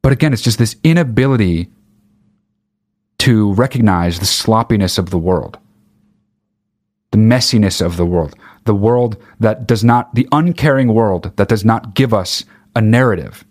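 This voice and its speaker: A man ranting with sarcasm and heavy swearing, mocking others in high put-on voices. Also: expressive, normal speed, a little mellow. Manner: angry, sarcastic, swears a lot. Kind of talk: profane ranting monologue.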